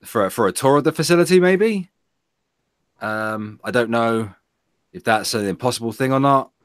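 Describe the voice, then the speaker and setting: A man's voice: mid-range voice, moderate pace, no room sound, studio quality. A man hosting a casual political chat show, joking, laughing often and stumbling into restarts. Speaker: host of an online talk show.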